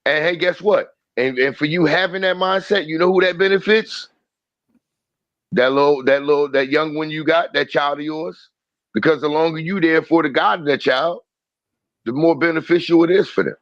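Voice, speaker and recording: A man co-hosting a casual livestream podcast, talking in an animated way, often repeating himself and stumbling over words. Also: fairly high pitch, normal speed, dry recording, dull audio. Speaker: podcast co-host.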